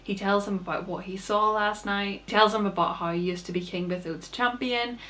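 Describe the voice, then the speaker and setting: A young woman talking straight to camera in an easygoing, chatty way. Her voice sits at an ordinary middle pitch, and she slips into quick character voices to keep the recap fun. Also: steady tone, fairly bright tone. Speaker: book vlogger. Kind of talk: casual plot recap.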